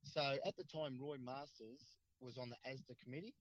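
A man's voice: mid-range voice, moderate pace, no echo, muffled recording. A middle-aged man with an Australian accent, a guest telling stories in a casual, rambling, slangy way and repeating himself as he goes. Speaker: guest, former rugby league player. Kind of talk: casual storytelling.

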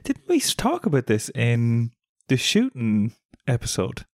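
A man's voice: mid-range voice, wildly swooping pitch, measured pace, no echo. A man co-hosting a podcast in casual chat, trading dry jokes and swearing casually. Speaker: podcast co-host.

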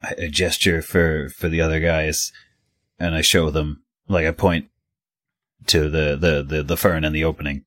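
A man's voice: extremely low pitch, level tone, normal speed, fairly bright tone, no room sound, studio quality. A man playing his character in a tabletop role-playing game, hesitant and stammering, with a nervous edge. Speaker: player.

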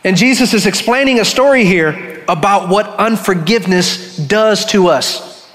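A man preaches in a relaxed, conversational way and slips into short dramatic voices for the people in his story. His voice sits high, and the sound rings out with the long reverb of a church sanctuary. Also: unhurried. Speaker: pastor. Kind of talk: sermon.

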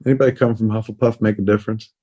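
A laid-back man on a casual podcast who jokes with crude, profane banter. His voice has a husky, slightly rough edge at a mid pitch. He sounds loose and teasing. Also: steady tone, rapid-fire, mellow, dull audio. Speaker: podcast co-host.

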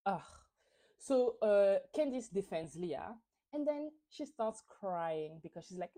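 Hosting a podcast, a woman recaps a reality show in a casual, gossipy and opinionated way, full of fillers. Her mid-range voice is mellow with lively intonation, and she takes her time.

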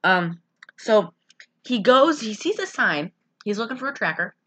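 A woman's voice: mid-range voice, big pitch swings, unhurried, bright, forceful tone, slightly rough. A woman chatting casually on a podcast, recapping a movie in a rambling way, laughing often and acting out lines. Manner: giggly, rambling, acts out quotes.

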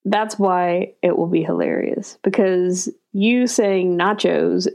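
A woman's voice: on the low side, slow, vocal fry, darkish tone. A woman co-hosting a podcast in casual chat, blunt and laughing easily. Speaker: podcast co-host.

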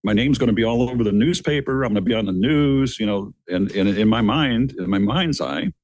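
A man's voice: fairly low pitch, lively intonation, a little fast. Middle-aged man telling a dramatic story. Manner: earnest, addresses listeners as gentlemen, repeats words as he builds a story. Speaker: guest, retired police officer. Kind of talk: dramatic storytelling in a podcast interview.

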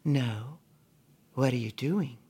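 A man voicing a weary, bedridden older woman who speaks quietly and slowly. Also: mid-range voice, slightly rough. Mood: sultry.

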